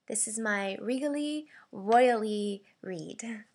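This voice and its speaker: A woman voice actor introducing her audition reads, speaking slowly and breathily. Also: a little high. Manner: slow, breathy and bright. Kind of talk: audition demo reel.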